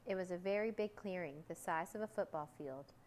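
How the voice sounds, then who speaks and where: A woman reading a children's storybook aloud in a calm, steady way. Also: on the low side, brisk, a little hiss or hum.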